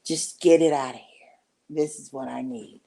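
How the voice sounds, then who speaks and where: A middle-aged woman with a low, deep voice tells a personal story in a loose, rambling way. She slips into acted-out quotes of what others said as she goes. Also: steady tone, moderate pace, creaky, warm tone. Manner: rambling, conversational, acts out quoted talk. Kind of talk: casual storytelling to camera.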